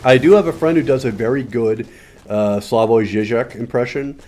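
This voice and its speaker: A man's voice: normal speed, mellow, slight background noise. A man streaming a video game, muttering casual commentary with frequent swearing. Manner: muttering, swearing, low-key.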